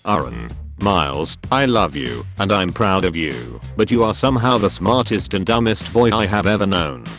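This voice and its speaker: A man's voice: deep voice, expressive, normal speed, fairly bright tone, faint music behind. A man narrating funny online posts in a read-aloud comedic style.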